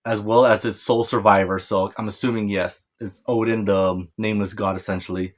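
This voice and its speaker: A man's voice: lowish voice, fairly even intonation, brisk. A man giving a casual, rambling manga chapter breakdown, stumbling over names, correcting himself and apologizing with a chuckle. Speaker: manga reviewer.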